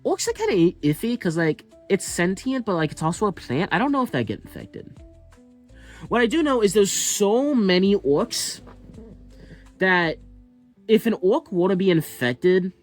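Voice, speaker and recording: A man's voice: high voice, sing-song, moderate pace, faint music behind. A man musing aloud in a casual, speculative monologue, rambling with lots of fillers and restarts. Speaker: commentator.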